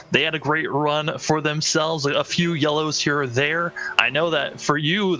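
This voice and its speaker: A man's voice: on the high side, pushed and bright, a little hiss or hum. A man giving color commentary on a sim racing broadcast, enthusiastic and rambling in his analysis.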